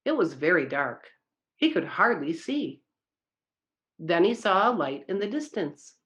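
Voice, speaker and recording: A woman reading a children's story aloud at a church service, expressive and engaging her listeners. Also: on the low side, measured pace.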